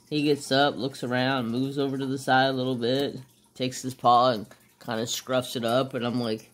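A man's voice: mid-range voice, little pitch movement, normal speed, a bit bright. A man hosting a crafting channel, chatting casually while he works and often losing his train of thought.

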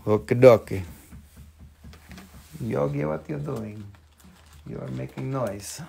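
A man's voice: medium pitch, slow pace, gravelly, dark tone, breathy edge. A man hosting a live rock sales stream, joking and rambling in playful sales patter.

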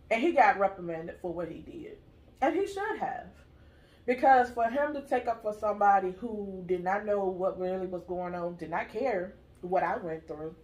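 On her channel, a mother and host tells a personal story in casual chat, speaking emphatically and directly and calling her viewers "y'all." Her voice is medium-pitched with a darkish tone.

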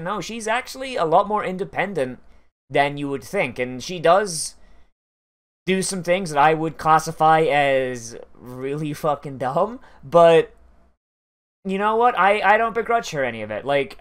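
Reaction host, loose chatty delivery, profane, filler-heavy. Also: mid-range voice. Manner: rambling, profane, full of fillers and restarts; frequent laughter. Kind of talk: casual reaction commentary.

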